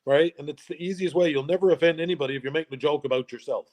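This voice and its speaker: Middle-aged man, fairly high voice, chatty, jokey, laughs a lot. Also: rapid-fire, darkish tone. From Newfoundland, Canada. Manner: jokey storyteller, laughs often, restarts phrases. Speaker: guest. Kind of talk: casual interview chat.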